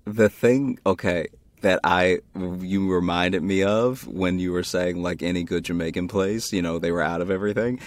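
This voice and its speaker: A man's voice: low voice, steady tone, moderate pace, dry recording. A man in casual conversation, musing aloud and restarting his sentences as he works toward a point. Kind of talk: casual chat.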